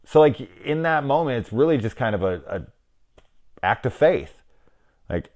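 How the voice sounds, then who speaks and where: A man's voice: medium pitch, animated, moderate pace, pauses often, darkish tone. A middle-aged man giving a rambling, wry, casual film review, swearing now and then.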